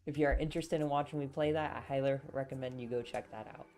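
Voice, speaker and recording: Young woman streamer, low voice, rambling chatty reads, faint music behind. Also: fairly even intonation, fast talker, mellow. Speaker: streamer reading a novel aloud. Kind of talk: casual live stream chat and book reading.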